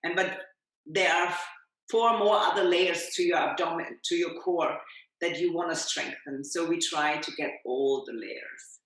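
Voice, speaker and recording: A woman yoga teacher, a podcast guest, speaking gently and thoughtfully in a reflective chat. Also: fairly low pitch, measured pace. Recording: very echoey room.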